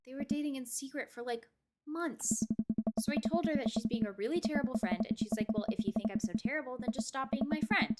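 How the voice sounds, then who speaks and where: A woman's voice: high-pitched, fast, lightly acted. A woman voicing an upset teenage girl who rambles as she vents to her dad, read from a game script. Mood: ranting. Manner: rambling, exasperated storytelling. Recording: loud game music behind.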